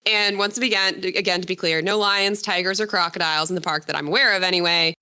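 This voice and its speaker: A woman's voice: fairly low pitch, steady tone, fast talker, sharp tone, smooth. A woman casually explaining a news story in conversation, chatty, often correcting herself and laughing.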